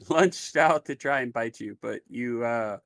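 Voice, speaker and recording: A man's voice: mid-range voice, takes it slowly, creaky, a bit bright. A man running a tabletop game as game master, describing the scene in a laid-back, easygoing way with plenty of fillers.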